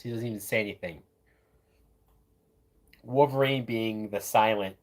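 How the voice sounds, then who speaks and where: A man with a fairly low voice talks casually over a movie he is watching. He swears freely and chats with enthusiasm, like a host doing a live watch-along. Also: a little slow, long pauses, a little mellow. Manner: profane, enthusiastic, chatty.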